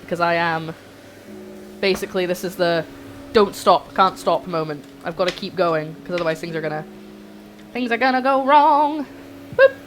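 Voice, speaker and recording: A young woman chatting to her viewers while cooking on a livestream in her home kitchen, excitable and a little flustered. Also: on the low side, brisk, a little hiss or hum, low-quality recording. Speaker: streamer. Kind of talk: casual cooking livestream chat.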